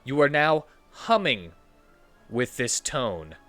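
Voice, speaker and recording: A man narrating a tabletop game as dungeon master, animated and halting, with restarts. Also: mid-range voice, dry recording, faint music behind.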